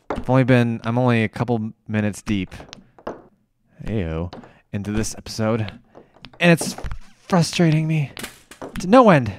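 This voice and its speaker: Excitable man narrating his gameplay. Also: fairly low pitch, slight background noise. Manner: excitable, swears and scolds himself out loud. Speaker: gamer playing a video game. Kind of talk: let's play commentary.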